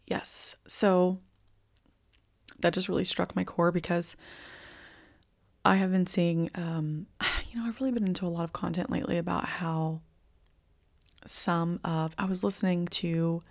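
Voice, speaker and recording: A young woman hosting a live intuitive reading, talking in a casual, earnest way with many likes and ums, sometimes tearful and dropping into soft whispers. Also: on the low side, fairly even intonation, measured pace, creaky, long pauses. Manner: warm, earnest, chatty with frequent likes and ums. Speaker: intuitive reader and podcast host. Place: indoors, filming herself on video.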